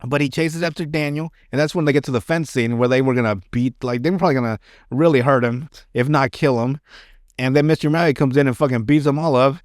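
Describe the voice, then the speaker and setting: A man's voice: medium pitch, quick pace, no echo, studio quality. A man hosting a podcast, chatting casually about a movie, rambling with lots of filler words, swearing and laughing often. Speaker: podcast host.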